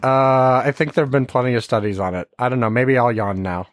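A man hosting a podcast in casual chat, teasing his co-host in a calm way. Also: medium pitch, brisk, dry recording.

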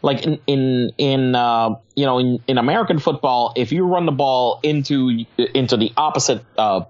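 A woman co-hosting a casual political chat, excitable and stammering through restarts, sometimes swearing. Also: a bass voice, normal speed, lo-fi sound.

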